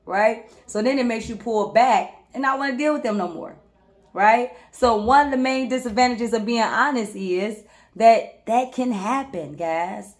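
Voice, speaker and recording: Woman, life coach, casual storytelling, animated, fairly high voice. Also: moderate pace. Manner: animated, repeats "right?" and "guys", laughs often. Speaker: life coach, channel host.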